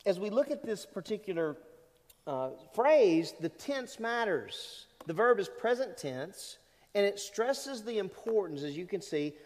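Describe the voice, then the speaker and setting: A pastor in his fifties preaching a sermon to a congregation, animated and asking the listeners rhetorical questions. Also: on the high side, big-room sound. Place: church service in a large hall.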